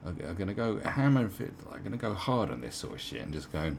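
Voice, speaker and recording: A man's voice: low voice, big pitch swings, fast talker, gravelly, a little hiss or hum. A man giving sarcastic, profane commentary as he reads an article aloud, with mocking asides. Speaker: online commentator.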